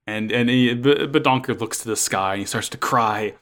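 Casual podcast co-host, man, bright tone, rambling and profane. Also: medium pitch, moderate pace. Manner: rambling, frequent swearing and restarts. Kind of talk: casual chat recapping an anime episode.

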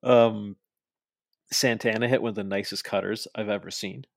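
Young man podcaster, low voice, dry close sound, chatty and animated. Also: moderate pace, creaky, no room sound. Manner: chatty, animated, acts out quoted lines. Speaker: podcast co-host. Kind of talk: casual wrestling recap chat.

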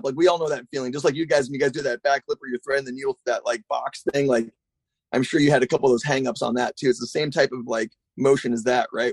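A man's voice: mid-range voice, no room sound. A man telling rambling, profane stories as a guest in a casual chat. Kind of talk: casual storytelling.

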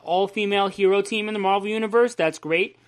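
A man's voice: high voice, a little fast. A young man co-hosting a casual comics news podcast, rambling and joking with a lot of swearing. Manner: rambling, profane, jokey. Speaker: podcast co-host.

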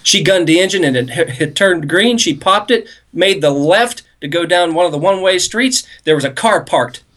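A man's voice: high voice, expressive, normal speed, fairly bright tone. Podcast co-host, male, rambling storyteller who laughs at his own prank tale. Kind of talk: casual storytelling.

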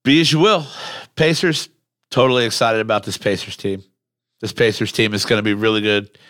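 A male podcast host in casual, animated chat, blunt and quick to swear. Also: lowish voice, no echo, clean studio sound.

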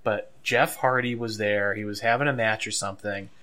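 A man co-hosting a podcast, telling a story in an animated, wry way and riffing casually. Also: on the low side, moderate pace. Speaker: podcast co-host. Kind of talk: casual chat.

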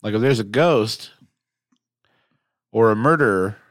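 A man hosting a podcast, jokey and animated in casual chat. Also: fairly low pitch, unhurried, no echo, clean studio sound. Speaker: podcast host.

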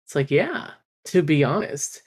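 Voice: very animated, a little slow, slight background noise. A podcast co-host chatting casually about a book, ranting, swearing and laughing. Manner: swears freely, ranting and laughing, mid-pitch.

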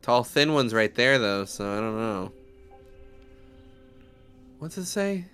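Man, game streamer, casual banter, swears a lot, mid pitch, faint background music. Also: big pitch swings, takes it slowly, fairly bright tone, clear, resonant tone. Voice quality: joking, swears freely.

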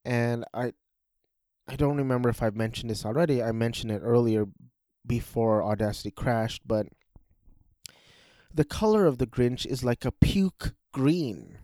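A man's voice: medium pitch, expressive, unhurried, mellow, no echo, clean studio sound. A man casually reviewing cartoon specials in a rambling, hesitant way, with frequent restarts.

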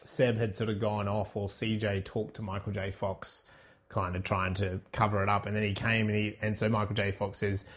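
A man's voice: on the low side, little pitch movement, moderate pace. Chatty man recapping a film. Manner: rambling, self-correcting, recounts scenes with quoted lines. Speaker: podcast co-host reviewing a film. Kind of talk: casual chat.

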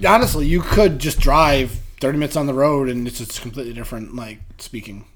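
A podcast co-host from Western Massachusetts talks fairly quickly in a mid-range voice with a breathy edge. In casual chat, he tells rambling, animated stories packed with fillers.

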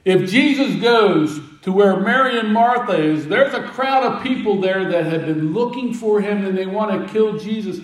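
A high-pitched male preacher telling a scripture story with playful voices for the disciples. He sounds set back from the mic in an echoey room. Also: animated, moderate pace, few pauses, far from the mic. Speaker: pastor. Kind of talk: sermon.

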